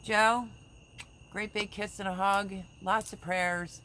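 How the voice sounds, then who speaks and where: A woman's voice: medium pitch, fairly even intonation, slow pace, pushed and bright, slight background noise. A woman hosting a casual livestream, chatting with viewers, reading their comments aloud and sending prayers. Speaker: livestream host.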